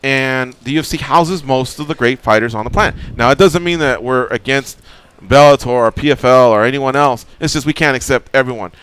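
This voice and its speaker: A man's voice: mid-range voice, brisk, few pauses, fairly bright tone, slight background noise. A man hosting a radio talk show, chatty and jokey, swearing casually as he talks with his guests. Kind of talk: casual chat. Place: radio studio.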